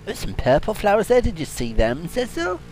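A man hosting a comedic let's-play, excitable, silly and teasing as he talks over the game. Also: sits high, moderate pace, slight background noise. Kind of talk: comedic gaming commentary.

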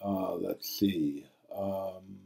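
A man's voice: deep voice, steady tone, very slow, gravelly, dark tone. A man teaching Greek grammar in a recorded lecture, reciting forms aloud.

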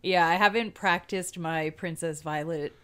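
A woman's voice: on the low side, steady tone, measured pace, a bit bright, smooth. Laughing, chatty woman podcast co-host. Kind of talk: casual chat.

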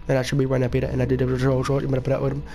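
A man giving casual gameplay commentary with excitable, cursing outbursts. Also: medium pitch, racing, slight background noise. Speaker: gaming video creator.

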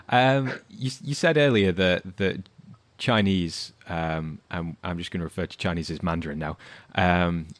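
A man's voice: sits low, a little slow, no room sound. A man hosting a podcast, asking curious questions in a hesitant, casual way with many fillers. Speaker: podcast host.

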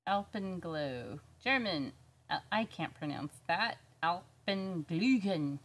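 A woman's voice: medium pitch, lively intonation, moderate pace, a bit bright, a little hiss or hum. A woman co-hosting an art tutorial, reading viewer comments and chatting with a teasing, giggly manner. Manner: giggly, teasing, laughs often. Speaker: co-host reading viewer chat. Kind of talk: casual chat on an art stream.

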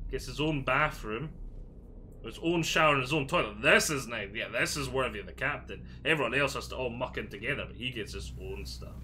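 With a sharp tone in a medium-pitched voice, a Scottish man provides casual walkthrough commentary on a video game for his channel, joking and thinking out loud. There's slight noise in the background.

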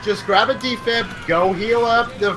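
A man playing a game with friends, loud, swearing and yelling orders. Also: high voice, fairly even intonation, a little slow, low-quality recording. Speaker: game player. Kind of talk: casual gameplay chat.

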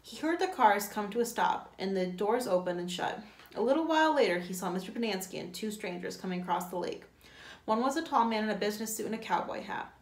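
A woman's voice: medium pitch, animated, fast. A woman, a teacher, reading a novel aloud, with occasional slips and self-corrections. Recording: echoey room.

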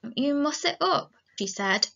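A woman voicing an angry, alarmed young woman who speaks in a sharp, scolding way. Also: mid-range voice, level tone, normal speed, close to an everyday voice. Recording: dull lo-fi recording.

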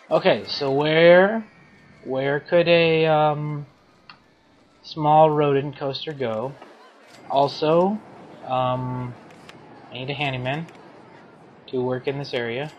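A man's voice: on the high side, steady tone, slow pace, long pauses, some chatter behind. Playful man narrating a game. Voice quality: scratchy throat. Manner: playful, silly self-narration. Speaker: let's play host. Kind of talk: game commentary.

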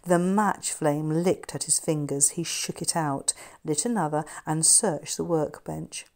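A middle-aged woman, an author, narrating her novel in a measured, steady storytelling manner. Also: low-pitched. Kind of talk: scripted narration.

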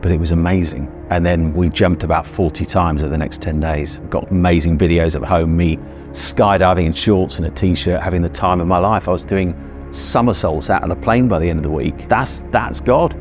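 A middle-aged man with a British accent and a very deep voice earnestly recounts a personal experience, voicing his own past thoughts as he goes. Soft music plays faintly underneath. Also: fairly even intonation, a little fast. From Britain. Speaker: guest telling his story. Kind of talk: personal storytelling interview.

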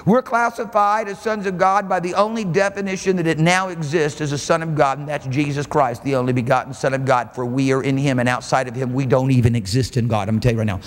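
A man's voice: a little high, steady tone, fast, hardly any pauses. A man preaching a sermon at a church service, fervent and emphatic, stretching out key phrases. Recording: echoey church hall with faint noise.

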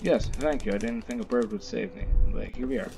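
A man's voice: medium pitch, very animated, fairly quick, gravelly, noisy background. A man reading as a mild skeleton adventurer. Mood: plain. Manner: plain, reading dialogue aloud. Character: easygoing male skeleton adventurer. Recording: game music behind.

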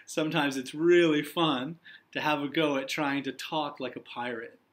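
A young man, a teacher, reading a picture book aloud to young children in an encouraging, expressive way. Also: fairly high pitch, moderate pace.

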